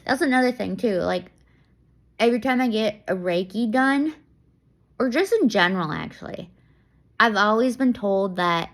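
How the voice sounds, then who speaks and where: A young woman talking casually to camera in a vlog, rambling and excitable, laughing often and restarting her sentences. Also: medium pitch, moderate pace, long pauses. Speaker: vlogger. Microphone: camera mic.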